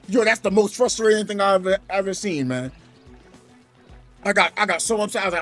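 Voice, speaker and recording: A man streaming from home, telling a gaming story in an animated, exasperated way. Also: high-pitched, fast, faint music behind. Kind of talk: casual livestream rant.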